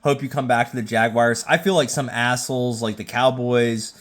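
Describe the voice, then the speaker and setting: A man who has been drinking hosts a casual rating video from home, rambling and stammering with sudden excited bursts. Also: medium pitch, normal speed. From Jacksonville, Florida. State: tipsy from drinking. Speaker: YouTube host. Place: at home with a phone. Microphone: phone.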